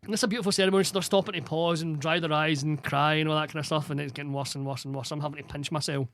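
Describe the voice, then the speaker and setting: A young Scottish man, a podcast co-host, telling a sweary, animated story in casual chat. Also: on the high side, very fast.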